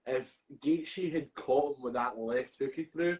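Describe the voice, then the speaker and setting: A man co-hosting a casual talk podcast, animated, laughing often and swearing casually. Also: medium pitch, a little slow, low-quality recording. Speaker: podcast co-host. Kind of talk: casual chat.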